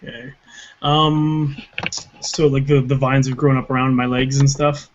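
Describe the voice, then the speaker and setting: A man's voice: medium pitch, little pitch movement, unhurried. A man playing a tabletop game, tentative and thinking aloud about his moves. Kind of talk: casual game chat. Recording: muffled lo-fi recording.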